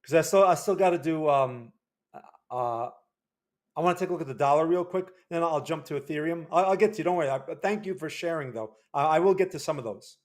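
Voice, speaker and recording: A man with a fairly high-pitched voice walks through market charts on a livestream. His delivery is loose and conversational, and he keeps checking in with viewers through quick tag questions. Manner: casual, frequent tag questions. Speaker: market analyst host.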